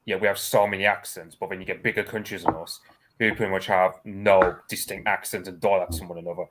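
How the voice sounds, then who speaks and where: A man with a mild Birmingham accent chats casually as a guest. His voice is very low, and he rambles through his points with plenty of fillers. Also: steady tone, quick pace, background noise. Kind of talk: casual podcast chat.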